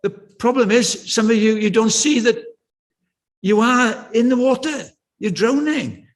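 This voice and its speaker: A man's voice: extremely high pitch, measured pace. An older British man preaching a sermon in a church, conversational and anecdotal with passionate swells.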